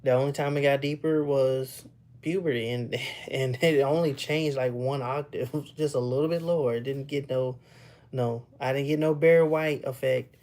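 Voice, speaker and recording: A young man with a rather high-pitched voice, chatting casually with viewers on a livestream and laughing often. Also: steady tone, normal speed, darkish tone. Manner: laughs often, loose and playful, teases chat. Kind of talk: casual live chat.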